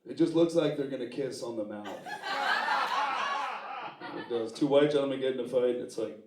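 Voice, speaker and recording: A man's voice: mid-range voice, normal speed. New york guy doing standup, keeps laughing and cussing, sounds far off in an echoey room with noise. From New York City. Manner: animated, profane, puts on voices and laughs at own jokes. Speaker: stand-up comedian. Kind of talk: stand-up comedy set. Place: live comedy venue with audience. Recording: roomy, distant live room sound with noise.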